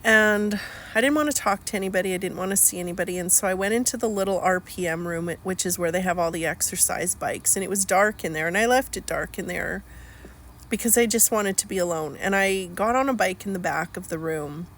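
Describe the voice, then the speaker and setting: A middle-aged woman speaking candidly in a personal video, slow and searching, rambling with fillers. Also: mid-range voice, a bit bright, a little hiss or hum. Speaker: healing coach.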